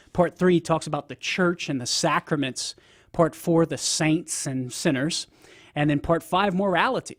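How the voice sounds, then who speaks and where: A man appearing as a guest on a call-in radio show, chatting and explaining in an affirming way. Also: fairly high pitch. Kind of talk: casual radio talk.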